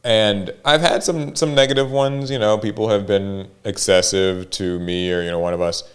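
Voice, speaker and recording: Low-voiced man, hedging podcast co-host. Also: fairly even intonation, moderate pace. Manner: hedging, filler-heavy. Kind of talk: casual podcast chat.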